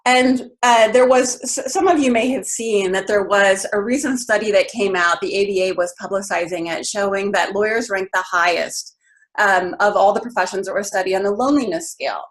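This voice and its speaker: Woman, webinar presenter, casual, lots of ums and you-knows, mid pitch. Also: a little fast. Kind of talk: informal webinar talk.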